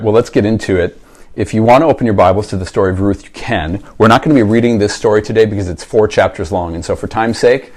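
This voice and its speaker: A man's voice: sits low, darkish tone. A male pastor preaching a sermon in a conversational, storytelling way, putting reflective questions to his congregation.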